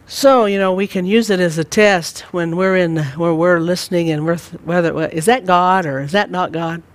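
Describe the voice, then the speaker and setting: A man leading a church Bible study, talking gently and rambling with many fillers. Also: high-pitched, steady tone, normal speed. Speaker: church teacher.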